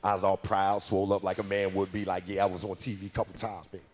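A male stand-up comedian in his thirties telling profane, animated stories about his daughters on a club stage. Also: deep voice, quick pace. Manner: profane, animated storytelling with voices.

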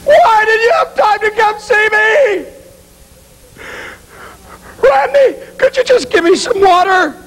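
A man voicing a desperate man burning in hell, crying and shouting pleas for help. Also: extremely high pitch, slow, long pauses, voice pushed up, full character voice. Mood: desperate pleading.

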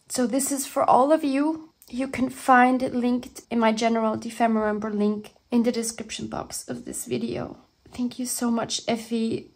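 Slow-talking, gravelly-voiced woman crafter. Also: on the high side, steady tone, a little mellow. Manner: gushing and emotional, with exclamations of delight. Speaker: junk journaling video host. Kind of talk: casual crafting show-and-tell.

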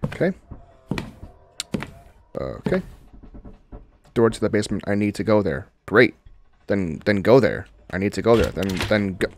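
A man's voice: lowish voice, big pitch swings, a little slow, pauses often, darkish tone, a little hiss or hum. A young man hosting a gaming channel, swearing and grumbling to himself while he plays a horror game. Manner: profane, exasperated, talking to himself. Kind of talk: casual horror game commentary.

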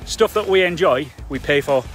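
A man's voice: fairly high pitch, lively intonation, moderate pace, fairly bright tone. Man, blunt live coaching, faint background music. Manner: blunt, emphatic, conversational with fillers. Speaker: construction trainer for property investors. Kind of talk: live-stream coaching talk.

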